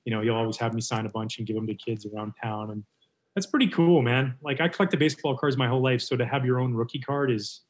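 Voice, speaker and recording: A man in his forties from Canada, a former pitcher telling a story in casual conversation with an animated, lively delivery. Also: fast talker. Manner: animated, lively retelling with voiced quotes.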